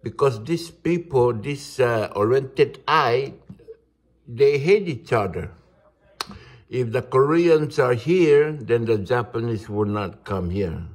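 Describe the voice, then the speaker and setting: A man, ranting in a halting, indignant monologue. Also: medium pitch, expressive. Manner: indignant, halting, restarts words. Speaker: vlogger.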